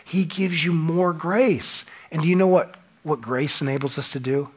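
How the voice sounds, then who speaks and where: A pastor with a slightly high, breathy voice preaches at a moderate pace, fervently asking his congregation rhetorical questions. His delivery swings between loud emphasis and hushed lowering.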